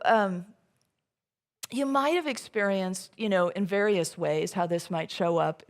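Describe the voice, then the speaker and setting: A woman giving a conversational sermon at a church service. She talks in a relaxed, chatty way with many fillers and restarts, and acts out her own inner thoughts in quotes. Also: fairly low pitch, creaky. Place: church sanctuary.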